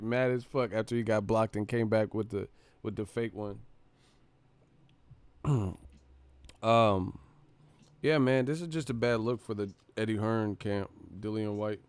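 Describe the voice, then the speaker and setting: This live-stream host, working from a setup with several cameras, has a smooth, clear, lowish voice recorded close and dry, without any room sound. His casual chat is profane and jokey, and he breaks into laughter readily.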